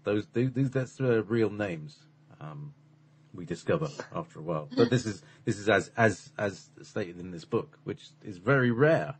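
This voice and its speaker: A man's voice: lowish voice, expressive, moderate pace, husky. A man chatting casually and rambling, full of fillers and restarts. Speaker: channeler and voice performer. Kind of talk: casual conversation.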